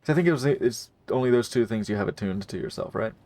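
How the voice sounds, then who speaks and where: A man with a lowish voice runs a tabletop session as dungeon master. He explains things in a loose, rambling way, stopping often to correct himself. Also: expressive, quick pace, a little mellow, no room sound. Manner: rambling, laid-back, full of fillers. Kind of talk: running a live tabletop game.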